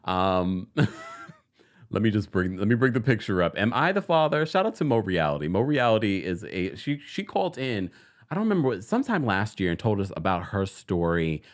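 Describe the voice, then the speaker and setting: Man, live-stream host, casual chatty delivery, frequent laughter, lively swinging pitch. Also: normal speed. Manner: laughs often, lively, playful.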